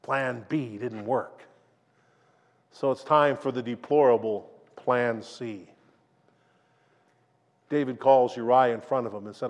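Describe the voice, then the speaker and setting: A man preaching a sermon, retelling a story dramatically and swinging between loud and hushed delivery. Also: fairly high pitch, a little slow. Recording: long reverb of a large hall.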